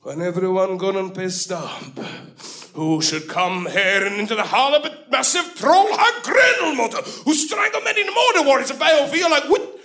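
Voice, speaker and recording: A man performing a boisterous story beast who retells an epic live in broken English, swearing and shouting sound effects. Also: very high-pitched, animated, moderate pace, full character voice. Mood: gleeful. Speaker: comedy performer.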